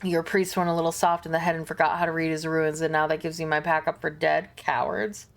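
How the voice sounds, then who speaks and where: A woman's voice: low-pitched, flat delivery, brisk, creaky. A woman voicing a proud, brooding male space wolf warrior, reading game dialogue aloud with growling menace. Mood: scornful.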